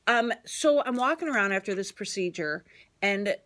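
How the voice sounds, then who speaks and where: A woman's voice: mid-range voice, expressive, moderate pace, a bit bright, slight background noise. A middle-aged woman co-hosting a casual studio radio chat, telling stories with lots of laughter. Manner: chatty, laughing storyteller. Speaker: show co-host. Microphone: studio microphone.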